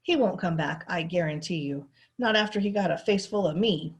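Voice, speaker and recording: A woman reading aloud voices a hotheaded bald male construction foreman who hollers and blusters in rough, ungrammatical speech. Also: on the low side, normal speed. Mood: gruff.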